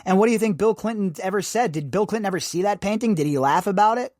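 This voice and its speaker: A man's voice: high voice, animated, quick pace, a little mellow, no room sound, studio quality. A man hosting a podcast, giving emphatic, sarcastic commentary full of rhetorical questions. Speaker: podcast host. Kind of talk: opinionated commentary.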